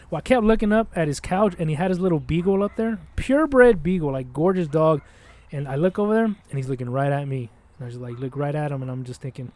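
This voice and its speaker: A young man tells a rambling story in casual chat, swearing freely and acting out lines of dialogue. He talks quickly in a slightly high voice. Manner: rambling, profane, animated, acts out quotes.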